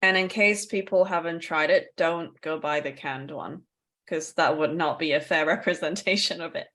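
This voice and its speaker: A woman's voice: deep voice, moderate pace, fairly bright tone. A woman co-hosting a casual podcast, explaining things in a chatty way with asides and small laughs. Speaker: podcast co-host.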